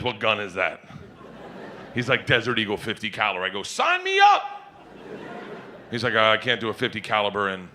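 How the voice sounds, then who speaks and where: A middle-aged man telling wild comic stories in a loud, rowdy way, often laughing and acting out other people's voices. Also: fairly low pitch, a little hiss or hum. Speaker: comedian. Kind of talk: stand-up and podcast storytelling.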